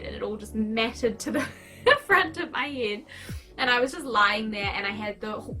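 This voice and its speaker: Young NZ woman vlogger, chatty and candid, slightly high voice, music under her. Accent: New Zealand. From New Zealand. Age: 20s. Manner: chatty, candid, animated retelling with acted-out cries. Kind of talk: casual storytelling to camera.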